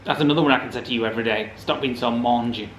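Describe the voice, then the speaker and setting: A man's voice: medium pitch, rapid-fire, fairly bright tone. A man co-hosting a casual vlog, thinking aloud with dry humour. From West Yorkshire. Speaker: vlog co-host. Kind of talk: casual chat. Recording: echoey room with faint noise.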